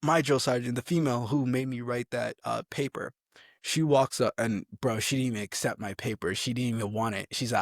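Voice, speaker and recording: Animated young man telling army stories. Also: mid-range voice, brisk, gravelly, no room sound, studio quality. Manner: animated, laughing, acts out quotes. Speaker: army soldier, podcast guest. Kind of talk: casual storytelling chat.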